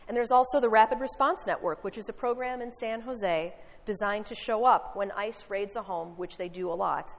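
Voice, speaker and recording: Woman preacher with a ringing hall echo. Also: medium pitch. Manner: storytelling, animated and conversational with wry asides. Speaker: pastor. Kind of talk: sermon. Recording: reverberant hall.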